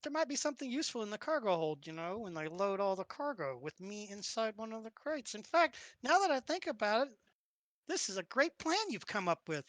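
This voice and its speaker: A woman's voice: mid-range voice, a little fast, no echo, natural voice. A woman voicing a cheeky, scrappy fox-girl thief in a tabletop role-play, at times in a put-on Brooklyn accent. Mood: scheming. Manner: deadpan, wheedling, cheeky.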